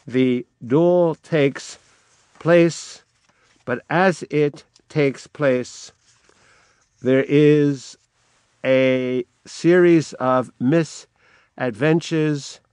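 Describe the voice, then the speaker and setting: An older man lecturing on a play, speaking slowly and deliberately and reading quoted lines aloud with rising force. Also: a little high, a little mellow, smooth, no room sound. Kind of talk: literary lecture with dramatic readings.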